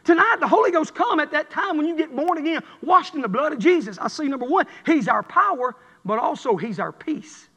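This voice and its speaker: A man's voice: extremely high pitch, expressive, brisk, hardly any pauses, bright, forceful tone. A man preaching a revival sermon in church, with a rhythmic, building cadence. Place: church sanctuary. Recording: long hall reverb.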